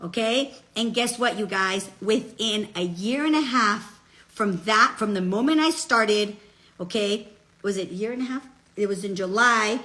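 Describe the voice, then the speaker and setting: A woman's voice: mid-range voice, unhurried, sharp tone. A middle-aged woman giving a chatty, emphatic motivational talk, dropping Spanish phrases and asking "okay?" between points. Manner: chatty, emphatic, peppers speech with "okay?" and "guess what"; switches into Spanish phrases mid-sentence. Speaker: motivational speaker.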